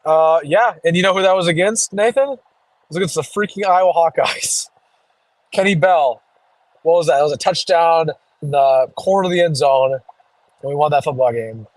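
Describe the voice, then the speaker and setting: A young man hosting a casual live postgame reaction stream, chatty and reading viewer comments, a little hoarse from losing his voice. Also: on the high side, moderate pace, no echo, poor audio. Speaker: sports streamer host. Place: driving home.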